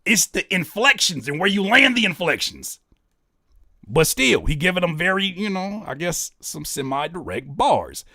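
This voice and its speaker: A man hosting a music reaction video, talking casually with animated, sarcastic disbelief. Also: high voice, normal speed, dry recording, clean studio sound. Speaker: rapper and YouTube reaction host.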